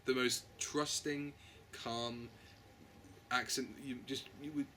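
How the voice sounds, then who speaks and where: A man talks through a fan review with a co-host in a relaxed, jokey way. His voice is bright and forceful at an ordinary pitch. A faint hum of room noise sits under the talk. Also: takes it slowly. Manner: chatty, jokey, breaks into mock voices. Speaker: podcast co-host. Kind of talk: casual fan review chat.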